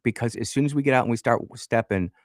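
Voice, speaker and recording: A fast-talking man with a mid-range voice rambles through a casual personal anecdote in a radio studio, frequently cutting himself off to restart sentences and chuckling. The sound is clean studio quality with no echo.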